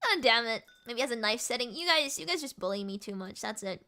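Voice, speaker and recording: A young woman streaming and chatting with viewers, talking fast and giggling, with a mixed American and British accent. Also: fairly high pitch, lively intonation, pushed and bright. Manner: rapid, giggly, repeats words. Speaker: VTuber streamer. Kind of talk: casual live-stream chat with viewers.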